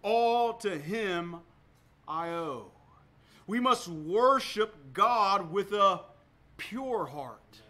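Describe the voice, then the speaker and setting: High, bright-voiced preaching man. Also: expressive, drawn-out words. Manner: emphatic preaching with sharp swings in volume; repeats words for emphasis. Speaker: pastor. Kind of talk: sermon.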